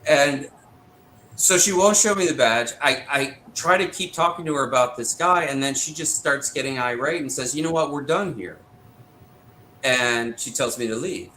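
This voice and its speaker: A man's voice: medium pitch, bright, forceful tone, slight background noise, poor audio. Indignant man retelling a dispute. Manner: retells exchanges with quick back-and-forth quotes; indignant, insistent. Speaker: interview guest, military veteran. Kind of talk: first-person storytelling.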